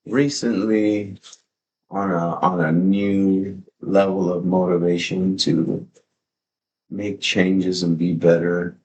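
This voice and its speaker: Deep-voiced excitable streamer man. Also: slow, a little hiss or hum. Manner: excitable, profane and rambling. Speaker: livestream host. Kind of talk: casual livestream chat. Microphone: desk microphone.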